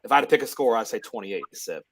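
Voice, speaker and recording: A man co-hosting a sports talk show, thinking aloud in a halting way while picking a score. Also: lowish voice, lively intonation. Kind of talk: casual game predictions.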